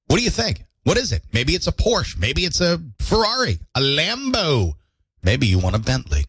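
A man hosting a morning radio show, chatty and jokey, his throat squeaky from allergies. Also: wildly swooping pitch, moderate pace, fairly bright tone, breathy edge, no echo. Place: radio studio.

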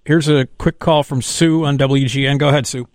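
A man hosting a radio talk show, moving things along briskly. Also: mid-range voice, steady tone, no room sound, clean studio sound. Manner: brisk, efficient wrap-ups. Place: radio studio.

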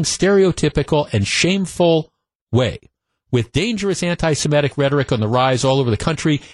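A man's voice: medium pitch, dry recording. A man hosting a political talk radio show, opinionated and emphatic, often repeating himself as he builds his case. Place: radio studio.

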